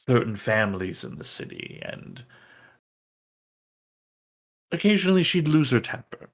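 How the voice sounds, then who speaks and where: A man's voice: lowish voice, a bit bright, full character voice. A man voicing a former mage's apprentice who hedges constantly and keeps saying "I mean". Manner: hesitant, full of "I mean". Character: man, former student of a mage, evasive and rambling.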